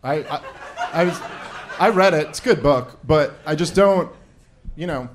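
A man's voice: on the high side, measured pace. Man doing a rambling stand-up set, sarcastic, handheld mic on stage, faint hiss. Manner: sarcastic, rambling, laughing at his own jokes. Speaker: stand-up comic opening an event. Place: event stage with a live audience.

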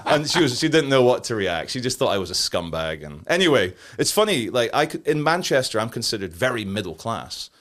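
A Scottish man with a middle-pitched voice talks casually, spinning sardonic stories full of dry asides. He sounds relaxed and conversational as a podcast guest. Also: brisk, few pauses. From Scotland. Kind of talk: casual chat.

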